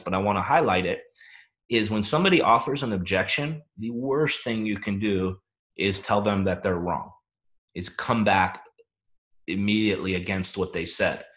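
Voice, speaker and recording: Male team leader, motivational, slightly low pitch. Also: fairly bright tone. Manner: emphatic, asks the audience questions. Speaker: team leader hosting a coach training. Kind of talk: motivational training talk.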